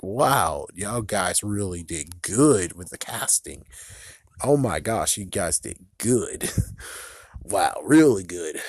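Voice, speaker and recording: A man giving a casual, excitable movie review who laughs often and swears casually. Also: mid-range voice, dry recording, studio quality.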